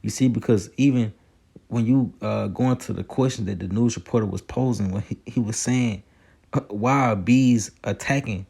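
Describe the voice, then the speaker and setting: A man preaching a casual sermon over video clips, reading scripture slowly and ending his lines with "man". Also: fairly low pitch, gravelly, darkish tone, slightly rough. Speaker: street preacher.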